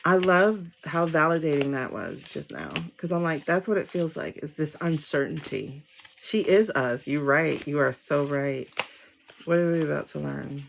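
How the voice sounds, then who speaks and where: A woman's voice: low voice, normal speed, vocal fry, slight background noise. A woman hosting a live tarot reading, talking to her viewers in an emotional, exclamatory way over a phone livestream.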